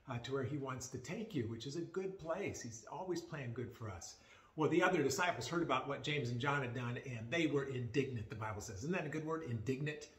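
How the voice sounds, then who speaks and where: Folksy pastor man in a roomy space. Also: fairly high pitch. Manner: conversational, folksy, with frequent fillers. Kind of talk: casual daily devotional talk. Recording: roomy echo.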